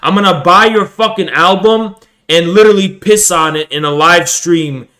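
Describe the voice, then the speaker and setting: A man's voice: high-pitched, moderate pace, sharp tone. A man live streaming an angry, profanity-heavy rant that sometimes slips into a sing-song delivery. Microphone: desk setup in front of a streaming camera.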